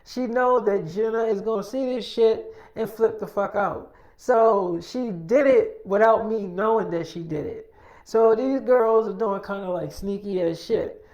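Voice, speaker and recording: A woman rattles off an improvised first-person story in loose, profane street talk. She keeps her pitch in a middle range and acts out each exchange as she goes. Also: unhurried, darkish tone, muffled recording. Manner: casual, profane, acts out quoted dialogue.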